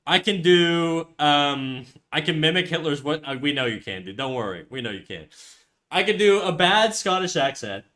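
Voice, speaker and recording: Bright-voiced rambling male streamer. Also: fairly high pitch, animated, normal speed. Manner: rambling, self-deprecating, swears casually. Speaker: live-streaming artist. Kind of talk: casual livestream chat.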